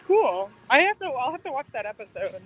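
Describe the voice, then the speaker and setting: A woman's voice: high voice, very animated, fairly quick, a bit bright, rough recording. A woman chatting casually outdoors on a phone, rambling with lots of filler words. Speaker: guest painter on a live stream. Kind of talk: casual chat. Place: outdoors on a street. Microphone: phone held while walking.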